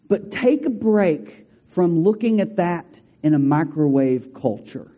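Man, pastor, sermon, chatty storytelling, mellow dark tone, a bit high. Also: a little slow. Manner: conversational, animated storytelling with asides to the congregation.

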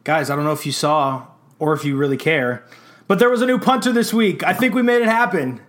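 Higher-voiced man on a sports podcast. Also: a little fast, a bit bright. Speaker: podcast co-host. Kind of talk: casual sports chat.

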